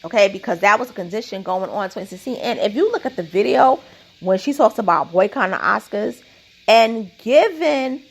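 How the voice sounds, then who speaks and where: A woman's voice: mid-range voice, animated, a little fast, rough recording. A woman giving an opinionated commentary monologue, emphatic and repeating her points with a questioning "okay?".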